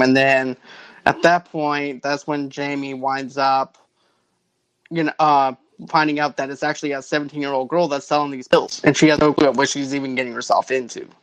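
A man's voice: medium pitch, flat delivery, moderate pace, clean tone, dry recording, low-quality recording. A man chatting casually about a movie, retelling scenes and laughing often. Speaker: movie review co-host. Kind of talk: casual chat.

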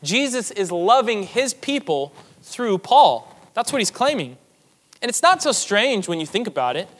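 A man's voice: sits high, very animated, normal speed, a bit bright, big-room sound. A man preaching a sermon as pastor, earnest and emphatic, repeating key phrases for weight.

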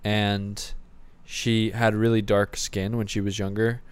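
A young man co-hosting a comedy podcast, delivering sarcastic rants in a deadpan manner with occasional swearing. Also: lowish voice, slow pace, clear, resonant tone. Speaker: podcast co-host. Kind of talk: satirical comedy podcast banter.

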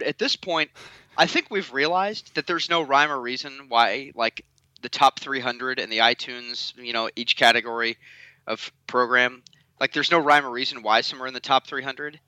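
Bright-voiced joking male co-host. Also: medium pitch, moderate pace, no room sound, highs cut off. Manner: joking, teasing banter. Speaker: podcast co-host. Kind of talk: casual chat.

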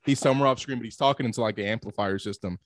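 A man's voice: fairly low pitch, rapid-fire, dry recording, clean studio sound. A man chatting casually as a podcast co-host, rambling and swearing, with lots of filler words. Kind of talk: casual chat.

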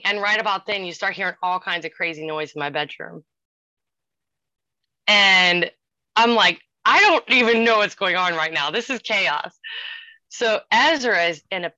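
A woman in her forties casually telling a ghost story, animated and acting out the voices of the people in it. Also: mid-range voice, dry recording. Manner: animated, acts out quoted voices. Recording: dull lo-fi sound.

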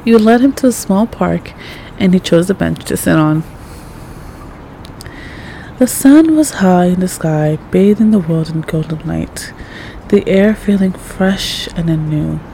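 A woman reading second-person fanfiction aloud in a soft, calm voice that sometimes drops near a whisper. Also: lowish voice, measured pace, vocal fry, pauses often, a little hiss or hum. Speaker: fanfic reader.

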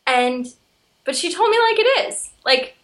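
A woman's voice: high-pitched, very animated, measured pace, a bit bright. A young woman talking candidly and earnestly about a hard personal experience, her voice sometimes catching with emotion. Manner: earnest, emotional, trails off into laughter. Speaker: guest sharing recovery story. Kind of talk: candid conversation.

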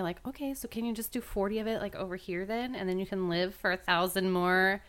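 A woman co-hosting a podcast in casual chat, animated and mocking, acting out lines with laughter. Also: mid-range voice, moderate pace, few pauses, smooth. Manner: animated, mocking, acts out quotes. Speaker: podcast co-host.

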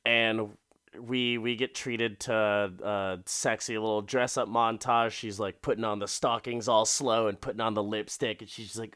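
A man's voice: fairly low pitch, fairly even intonation, measured pace, a bit bright, clean tone, no room sound, clean studio sound. A man giving a profane, rambling comic recap of a movie, full of fillers.

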